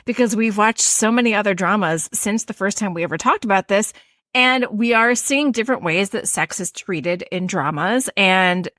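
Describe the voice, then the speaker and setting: A woman's voice: medium pitch, fairly bright tone, dry recording, clean studio sound. A middle-aged woman with a Midwestern accent, hosting a casual podcast chat and rambling with many fillers and restarts. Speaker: podcast host.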